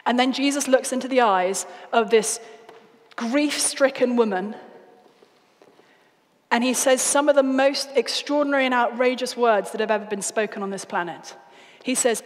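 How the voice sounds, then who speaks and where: A woman's voice: on the high side, normal speed. Earnest British woman speaking in a hall. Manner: earnest, expressive storytelling. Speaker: guest speaker. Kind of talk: evangelistic talk. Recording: reverberant hall.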